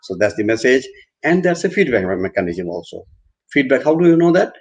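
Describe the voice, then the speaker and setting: A man's voice: medium pitch, big pitch swings, brisk, darkish tone, muffled recording. A man giving an online university lecture, repeating and restarting phrases as he explains with everyday examples.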